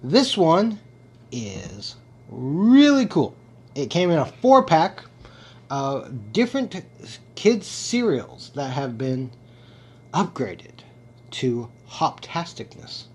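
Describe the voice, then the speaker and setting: A man's voice: on the high side, sing-song, slow pace, long pauses, breathy edge. A man hosting a casual beer tasting review, playful and theatrical, savoring each sip aloud.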